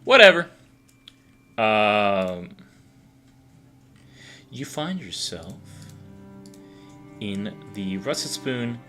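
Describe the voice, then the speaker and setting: Brief: young male game master, bright, forward voice, loose and casual narration, faint music underneath. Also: fairly low pitch, animated, extremely slow, long pauses. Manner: casual, filler-heavy narration. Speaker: dungeon master. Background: faint background music.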